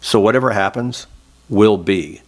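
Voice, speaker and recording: A man's voice: lowish voice, unhurried. A middle-aged man from Oklahoma, a guest in an oral history interview, telling a candid, emotional story and close to tears at times. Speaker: interview guest, former state senator.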